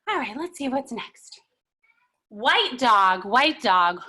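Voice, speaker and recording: A woman leading a children's yoga lesson, animated and encouraging, with sing-song storybook chanting as she greets kids by name. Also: fairly high pitch, slow pace. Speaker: kids' yoga teacher.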